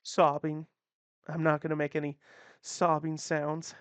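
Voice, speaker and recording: A woman's voice: deep voice, completely flat delivery, a little slow, dry recording. A woman giving casual, offhand commentary with wry asides while playing through a game. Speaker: let's-play gamer. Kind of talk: casual commentary over gameplay.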